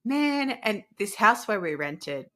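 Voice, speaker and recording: A woman with a mid-range voice speaks at a slow pace as she tells a casual personal story. A podcast host and energy healer, she's animated and acts out the voices of the people she quotes.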